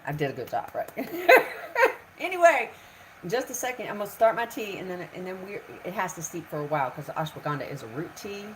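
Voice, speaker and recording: Nervous chatty woman, lowish voice. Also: expressive, fast, few pauses, background noise. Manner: nervous, chatty, talks herself through worry. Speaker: homestead vlogger, live stream host. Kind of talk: casual live chat with viewers. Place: home kitchen.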